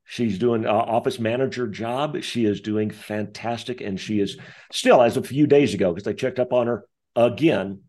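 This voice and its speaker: A man telling a personal story as an interview guest, acting out the voices of the people in it. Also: moderate pace. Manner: acts out quoted voices, lively pitch. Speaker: author and guest. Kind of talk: animated storytelling.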